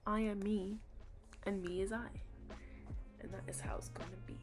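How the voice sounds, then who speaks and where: A young woman talking casually in a home vlog, relaxed and chatty with lots of fillers. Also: medium pitch, normal speed. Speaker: vlogger and podcast host. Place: home kitchen and garden. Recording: music playing underneath. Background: music.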